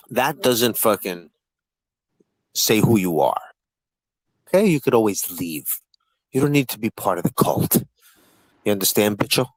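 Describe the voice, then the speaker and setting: A man hosting a live-stream panel in casual chat. He swears constantly and needles the other guests with rapid-fire questions. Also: lowish voice, dry recording, rough recording.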